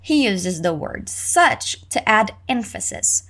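Running slow, clear repetition drills, a lively woman teaches English phrases in a mid-range voice. Her intonation is deliberately exaggerated to give learners something to copy.

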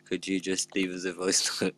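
British man, very deep voice, cheeky podcast host, swearing banter. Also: completely flat delivery, moderate pace, a loud crowd. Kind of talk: casual chat.

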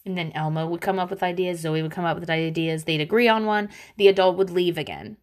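A woman hosting a casual parenting monologue, candid and blunt, swearing freely, with animated asides. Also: on the low side, fast. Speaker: parenting podcast host.

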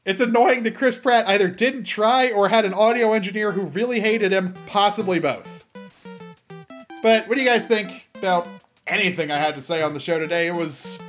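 A young man from the US hosting a casual solo show, rambling and animated, with many fillers and restarts. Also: sits high, normal speed, soft background music. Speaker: podcast host.

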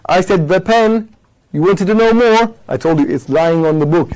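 Man, fairly high voice, patient lecture, checks in with "yes?". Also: darkish tone, rough recording. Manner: recites Arabic verses slowly. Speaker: Quran teacher. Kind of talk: explanatory class lecture.

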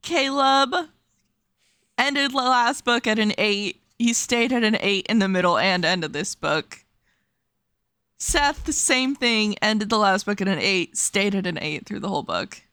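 A woman co-hosting a casual book podcast, reading passages aloud quickly and laughing as she talks. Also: mid-range voice, expressive, bright, forceful tone, clean tone, no echo. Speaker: podcast co-host.

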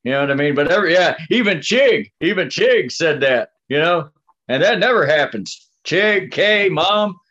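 Male podcast co-host, relaxed, slightly high voice, dull lo-fi sound. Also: moderate pace. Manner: relaxed, keeps saying "man" and "you know what I mean". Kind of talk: casual chat. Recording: dull lo-fi audio.

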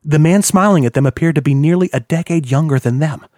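A man narrates a novel in a measured, descriptive way. His voice sits a little high, and the recording is dry and close with no room sound. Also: a little mellow, no echo. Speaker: audiobook narrator. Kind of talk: scripted narration.

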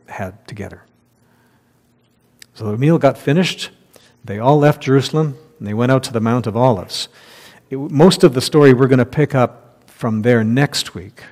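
A man's voice: medium pitch, a little mellow. A man preaching a conversational sermon as pastor, reading scripture aloud and laughing at his own slips. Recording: long hall reverb.

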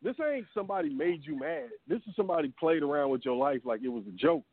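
A man calling into a sports talk show, ranting in an animated, exasperated way. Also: a little high, fast talker, no room sound. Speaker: regular caller. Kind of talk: casual sports talk call-in. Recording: dry tinny phone line.

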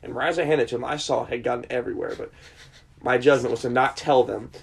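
Fast-talking gravelly young man. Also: mid-range voice. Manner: laid-back, deadpan storytelling. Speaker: podcast guest. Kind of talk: casual chat.

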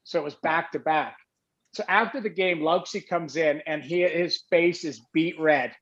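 A man with a high voice tells an animated, rambling story in casual chat, often restarting his sentences. The recording has a dull, lo-fi quality. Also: moderate pace. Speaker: former hockey goalie, guest.

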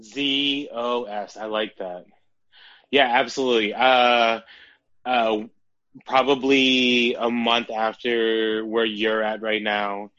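A man in his thirties, co-hosting a casual podcast and telling animated stories about his kids in quick bursts. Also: medium pitch, no room sound, muffled recording. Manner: animated storyteller, quick bursts, laughs often. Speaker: podcast co-host. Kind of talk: casual chat.

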